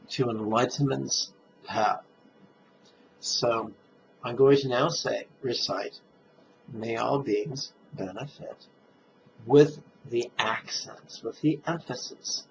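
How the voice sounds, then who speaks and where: A man leading a guided meditation, speaking calmly and drawing out his recitations. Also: medium pitch, gravelly. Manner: slow, calm, drawn-out recitation. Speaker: meditation teacher. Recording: dull lo-fi sound with faint noise.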